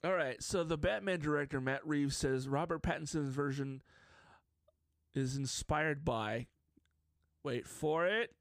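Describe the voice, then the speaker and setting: A man hosting a casual solo podcast, telling stories in an excitable, openly emotional way. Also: on the high side, a little slow, vocal fry, dry recording. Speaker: podcast host.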